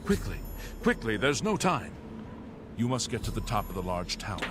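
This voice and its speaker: A man's voice: fairly low pitch, big pitch swings, moderate pace, noisy background. An actor voicing a desperate male captive in a video game, pleading urgently from a cage.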